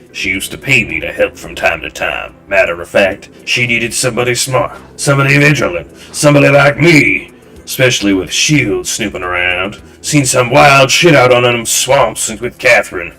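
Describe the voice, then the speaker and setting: A man's voice: mid-range voice, moderate pace, a bit bright, faint music behind, voice pushed up, lightly acted. A man voicing a rude, hostile local man who taunts and blocks the way. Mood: taunting. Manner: taunting, aggressive. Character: rude southern male local, hostile gatekeeper.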